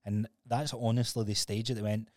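A man's voice: on the low side, fairly even intonation, moderate pace, no echo, studio quality. A Scottish man in his thirties co-hosting a podcast, telling his story in a candid, sweary, casual way. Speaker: podcast co-host.

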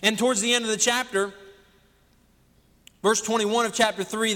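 A man serving as senior pastor delivers a sermon, asking his congregation a string of rhetorical questions. He speaks a little fast in a high, bright, forceful voice. The church sanctuary gives the recording a long hall reverb.

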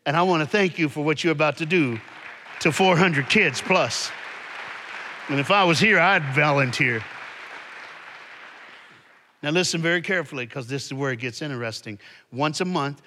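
A man preaching as a guest speaker, telling a story dramatically and dropping soft for the sad parts. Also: a little high, moderate pace, pauses often, some chatter behind, slight background noise. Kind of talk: storytelling sermon. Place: large church hall. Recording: long hall reverb.

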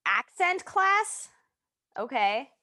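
A woman co-hosting a podcast in casual chat, giggly and animated, trailing off with fillers. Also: sits high, drawn-out words, no room sound, studio quality. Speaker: podcast co-host.

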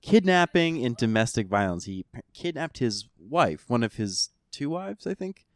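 A man's voice: mid-range voice, big pitch swings, normal speed, no echo. A man co-hosting a podcast, chatting casually in a rambling, sarcastic way. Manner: rambling, sarcastic, lots of fillers. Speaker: podcast co-host. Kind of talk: casual chat.

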